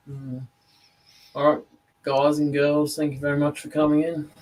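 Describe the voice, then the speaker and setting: A man's voice: a little high, darkish tone, poor audio. A man chatting casually and chuckling as a woodworking vlogger outdoors. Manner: laid-back, chuckling, blokey. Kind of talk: casual chat.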